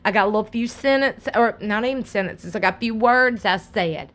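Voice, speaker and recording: A woman hosting her own channel, talking straight to her viewers in a sassy, animated, casual commentary. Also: mid-range voice, brisk.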